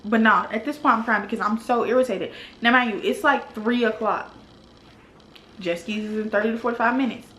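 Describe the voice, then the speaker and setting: Young woman vlogger, slightly high voice, slangy and exasperated storytime, echoey room. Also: brisk, bright, forceful tone, a little hiss or hum. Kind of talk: storytime vlog. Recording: roomy echo.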